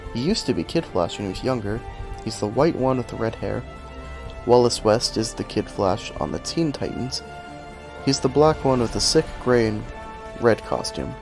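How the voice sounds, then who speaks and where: A man's voice: on the low side, animated, normal speed, creaky, over music. A man talking casually into the camera, rambling and poking fun at himself, sometimes breaking into cursing rants. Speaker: video essay host. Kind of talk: casual commentary.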